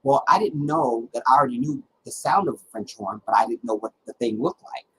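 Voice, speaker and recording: A middle-aged man hosting a livestream, telling personal stories in a dramatic, animated way with halting restarts. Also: medium pitch, a little hiss or hum, low-quality recording. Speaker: livestream host. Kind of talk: casual personal storytelling.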